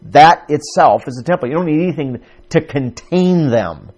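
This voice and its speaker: A man's voice: on the high side, expressive, moderate pace, a little mellow, slightly rough. A man preaching a conversational sermon to his congregation, asking them questions as he teaches. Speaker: pastor.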